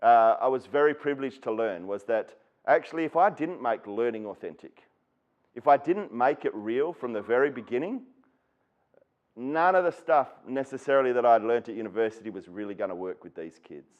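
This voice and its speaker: A man's voice: mid-range voice, lively intonation, moderate pace, muffled recording. Earnest Australian man telling a story. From Western Australia. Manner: earnest storyteller who acts out quoted people. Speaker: speaker at an education symposium. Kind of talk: personal storytelling keynote talk.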